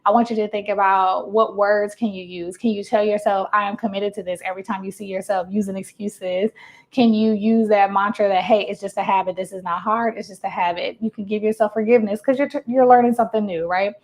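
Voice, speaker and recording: A woman's voice: mid-range voice, fairly even intonation, a little fast, darkish tone. A woman in her thirties, a life coach, speaking casually to her viewers. She acts out what her clients say and laughs often. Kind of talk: casual motivational talk to camera.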